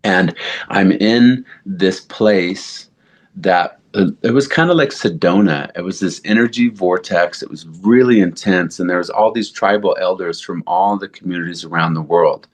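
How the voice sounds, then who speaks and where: Deep voiced guy on a podcast, rambling story full of "like" and "you know", acts out what people said. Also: normal speed. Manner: animated storyteller, acts out quotes, many fillers. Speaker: podcast guest. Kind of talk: casual storytelling.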